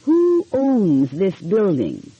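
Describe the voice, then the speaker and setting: A woman's voice: medium pitch, very animated, normal speed, husky, no room sound, muffled recording, pitched above the performer's own voice. A woman voicing an eager, polite young amateur detective who asks pointed questions. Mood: inquisitive. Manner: polite, inquisitive.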